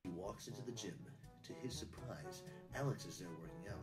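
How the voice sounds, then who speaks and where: A young man reading a story aloud in a wry, self-mocking way, his voice a bit low. He sits some distance from the mic, and guitar music plays clearly underneath. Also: lively intonation, a little fast, a little mellow. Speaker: friend reading a fan fiction aloud.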